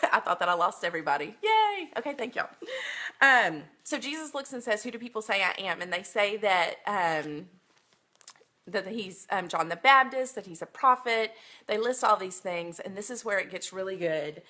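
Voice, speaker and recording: Woman, bright clear voice, earnest bible teaching, phone livestream, lots of ums. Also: medium pitch. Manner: earnest, emotional storytelling with many ums.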